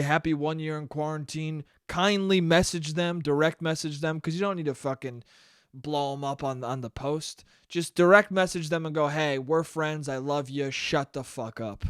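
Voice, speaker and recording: A man's voice: on the high side, clean tone, dry recording, studio quality. A young man hosting a solo comedy podcast, rambling and profane, laughing at his own jokes. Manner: slips into mock voices. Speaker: podcast host.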